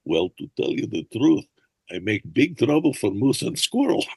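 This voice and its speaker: A man's voice: medium pitch, big pitch swings, normal speed, gravelly, slightly rough, dry recording, voice pushed up, exaggerated voice. A man putting on a thick Russian accent as a hammy, scheming cartoon spy. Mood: mock-sinister. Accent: put-on Russian. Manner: hammy comic villain delivery.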